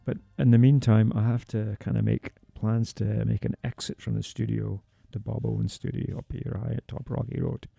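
A man's voice: fairly low pitch, level tone, moderate pace, vocal fry, few pauses, warm tone, slightly rough, no room sound. A man working as a radio DJ, chatting casually between songs in a small studio and joking to himself as he reads out the tracks. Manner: chatty, jokey, talks to himself. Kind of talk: casual radio back-announcing. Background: music playing underneath.

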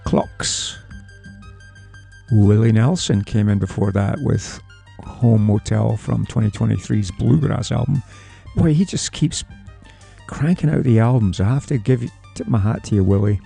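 A man with a deep, dark, fry-laden voice chats his way through song back-announcements like a small-station radio DJ. He jokes and asks himself questions as he goes. Faint music plays underneath him in the studio. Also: a little slow. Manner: chatty, jokey, talks to himself. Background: music playing underneath.

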